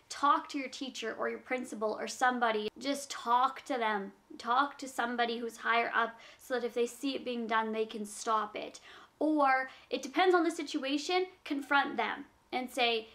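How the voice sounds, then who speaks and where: High-voiced young woman YouTuber. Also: a bit bright. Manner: earnest, advice-giving, reads questions aloud. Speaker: YouTuber answering viewer questions. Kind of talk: casual Q&A vlog.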